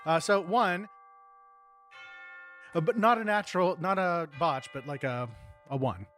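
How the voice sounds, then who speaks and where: A man's voice: fairly high pitch, measured pace, a bit bright, soft background music. A man playing a tabletop game, talking hesitantly with many restarts. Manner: hesitant, full of ums and restarts. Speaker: player. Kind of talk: casual tabletop play.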